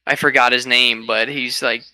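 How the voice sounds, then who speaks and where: Bright, animated young man telling stories. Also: mid-range voice, normal speed, no room sound. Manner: animated storyteller, laughs often. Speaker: podcast co-host. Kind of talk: casual chat.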